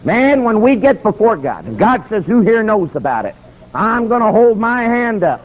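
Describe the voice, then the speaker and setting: A fiery, blunt preacher, as a man puts him on in a sermon story, his voice pushed higher and swinging widely as he hammers out condemnations. The recording is dull and lo-fi with a faint hiss. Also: big pitch swings, brisk. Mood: fervent. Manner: blunt, fervent denunciation.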